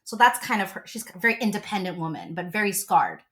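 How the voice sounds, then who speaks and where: As an interview guest, a relationship coach in her forties tells stories in a gushing, animated way. Her voice is medium-pitched and she talks fast.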